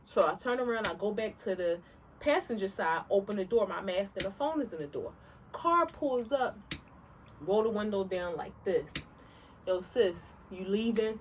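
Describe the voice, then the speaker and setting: A woman co-hosting a podcast, telling a story in an animated, emphatic way and speaking straight to listeners. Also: medium pitch, moderate pace, far from the mic, slight background noise. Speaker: podcast co-host. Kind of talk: casual storytelling chat.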